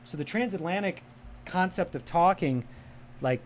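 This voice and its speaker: A Midwestern livestream host chats casually from a home room with a cat, enunciating carefully in a polished, media-style voice. His voice is fairly high and expressive, at normal speed with a darkish tone.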